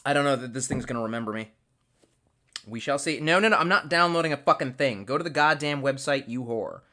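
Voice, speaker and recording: A man's voice: mid-range voice, animated, fast talker, bright, forceful tone. A man hosting a casual livestream, reading viewer comments and rambling with lots of swearing and restarts. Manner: rambling, profane, self-interrupting. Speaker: livestream host.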